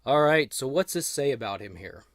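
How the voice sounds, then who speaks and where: A man with a voice of middling pitch talks casually through a toy unboxing, chatty and relaxed as he handles the figure. His voice sounds close and dry, with no room echo. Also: normal speed. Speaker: toy reviewer.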